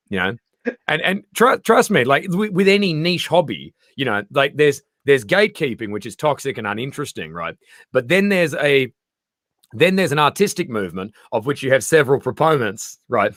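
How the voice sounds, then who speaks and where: A man in casual interview chat, an animated storyteller who acts out the voices he quotes. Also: medium pitch, brisk, dry recording, studio quality. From Australia. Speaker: comedian guest.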